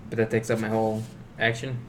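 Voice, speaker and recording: A man playing a tabletop game, asking blunt, quick questions in casual chat. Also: lowish voice, completely flat delivery, noisy background. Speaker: player.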